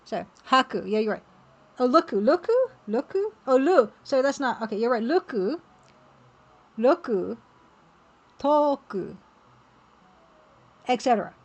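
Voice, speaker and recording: A woman chatting casually on a live art stream while working, reading viewer messages aloud and reacting with excited exclamations. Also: a little high, a little slow, long pauses. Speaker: game developer streaming while drawing.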